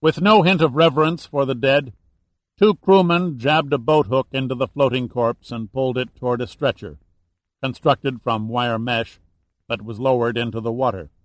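A man reads an audiobook in a steady, even storytelling voice. His pitch sits in the middle range. The recording is dry and close, with no room sound. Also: moderate pace, no room sound. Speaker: narrator. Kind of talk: audiobook narration.

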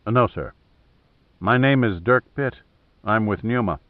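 A man voicing a calm, polite male investigator who speaks plainly. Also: on the low side, unhurried, no echo, lightly acted. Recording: thin phone-like dry audio.

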